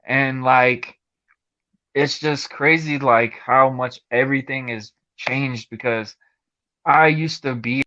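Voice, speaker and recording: A man's voice: mid-range voice, fairly even intonation, takes it slowly, bright, forceful tone, no echo. A male podcast host talking candidly in loose, run-on sentences during a casual chat. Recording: dull lo-fi recording.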